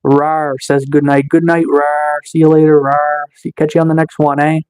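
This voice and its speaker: A man talking to his livestream chat in a slow, relaxed, chill way, full of ums and uhs. His voice sits a little high for a man, and he is getting over a cold. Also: clean tone, low-quality recording. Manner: slow, laid-back, chill delivery with many fillers. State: recovering from a cold.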